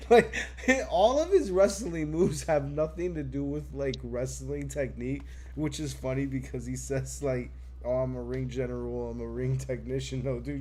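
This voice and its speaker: A man on a casual wrestling podcast, excitable and profane, laughing often. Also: on the high side, a little hiss or hum. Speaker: podcast co-host.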